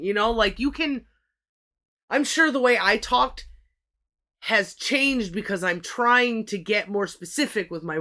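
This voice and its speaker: A woman's voice: mid-range voice, sharp tone. A woman hosting a livestream in loose, rambling chat, swearing often and restarting her sentences. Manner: profane, rambling, with frequent restarts. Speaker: livestream host.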